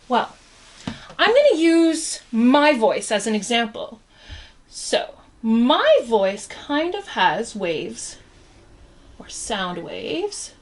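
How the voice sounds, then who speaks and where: Brief: young woman science educator, playful kids' lesson, high and very animated, unhurried. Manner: playful, encouraging, asks the viewer questions. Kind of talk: online science lesson for children.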